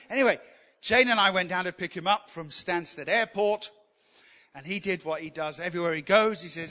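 A man preaches, his voice high and bright as he tells funny, self-deprecating stories. The sound carries a long reverb from the church hall around him. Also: a little fast. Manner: humorous, self-deprecating, animated. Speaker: pastor. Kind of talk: sermon with storytelling.

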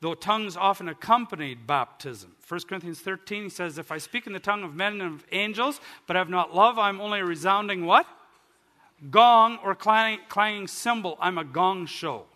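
Animated male pastor in a reverberant hall. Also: normal speed. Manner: animated storytelling, voice climbing high when excited. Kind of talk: sermon.

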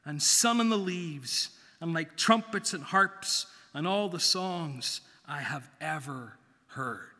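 Bewildered joyful hobbit voiced by a man, storybook reading, slow, reverberant hall. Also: a little high, animated, sharp tone, voice pushed down, exaggerated voice. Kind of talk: reading aloud from a novel.

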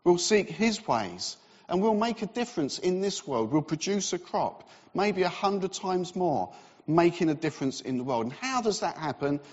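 A man preaches in a relaxed, conversational way, with fillers and self-deprecating asides. His voice sits fairly high for a man. The long reverb of a church building hangs on his words, and the sound is slightly dull. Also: moderate pace, slightly rough. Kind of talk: sermon.

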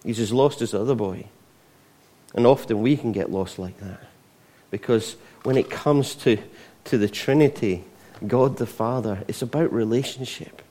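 A man's voice: medium pitch, moderate pace, dark tone. A Scottish man preaching a conversational sermon, with frequent asides to the congregation. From Scotland.

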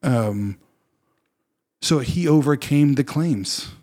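A man's voice: mid-range voice, animated, slow, dark tone. Earnest reflective male pastor. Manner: earnest, reflective, many fillers and restarts. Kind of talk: casual faith podcast chat.

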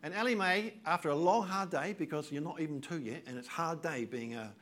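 High-voiced older man preaching earnestly. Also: brisk, fairly bright tone. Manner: earnest, emphatic preaching with repeated phrases. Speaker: pastor. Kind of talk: sermon.

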